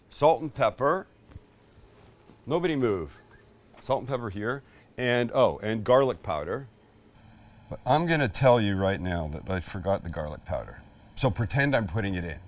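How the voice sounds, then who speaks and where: A man's voice: medium pitch, far from the mic. A man hosting a live cooking demonstration, chatty and jokey, poking fun at himself. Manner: jokey, chatty, self-deprecating. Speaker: cooking show host.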